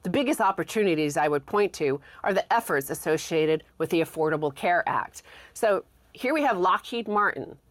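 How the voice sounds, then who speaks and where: A woman co-hosting a talk show, reading news quotes aloud and explaining them in a measured way. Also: lowish voice, lively intonation, no echo. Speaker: co-host.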